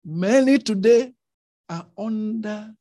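A man preaching a sermon with emphatic rhetorical questions, swinging between loud and soft delivery. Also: high-pitched, slow pace.

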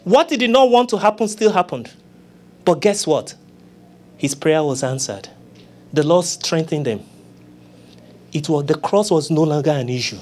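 A preacher delivering a sermon, pleading and acting out prayers, swinging from loud cries to hushed murmurs. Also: lively intonation, moderate pace, pauses often. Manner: acts out begging prayers in a low, soft voice.

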